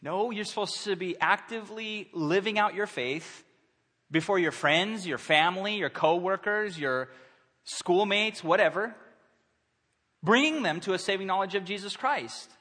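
Brief: male pastor, 30s, bright lively preaching voice, a bit husky, long church reverb. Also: high-pitched, unhurried. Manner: animated, conversational preaching with acted-out quotes. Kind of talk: sermon. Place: church sanctuary.

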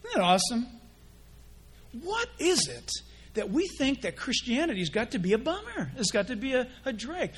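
A male pastor preaching a sermon in an animated way, acting out mock dialogues. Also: very high voice, normal speed, breathy edge.

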